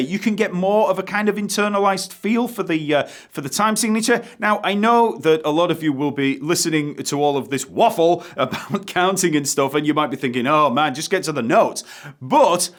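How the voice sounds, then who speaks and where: A man teaching a bass guitar lesson, counting beats aloud and explaining rhythms in a relaxed way. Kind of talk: online music lesson. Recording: bass guitar playing behind the voice.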